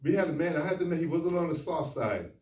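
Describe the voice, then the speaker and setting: A man, a doctor, giving a folksy, animated talk at a men's conference, speaking straight to the audience. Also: on the high side, fast talker. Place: conference room. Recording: echoey hall, far from the mic, faint noise.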